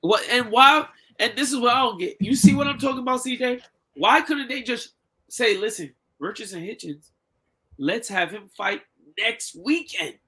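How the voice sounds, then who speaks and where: A man co-hosting a casual podcast, animated and mocking, often talking over his partner. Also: very high-pitched, moderate pace, husky. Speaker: podcast co-host. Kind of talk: casual boxing chat.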